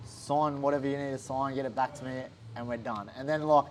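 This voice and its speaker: A man with an Australian accent telling a story in a casual interview, animated and swearing often. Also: mid-range voice, a little fast, a little hiss or hum. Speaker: interview guest, fighter.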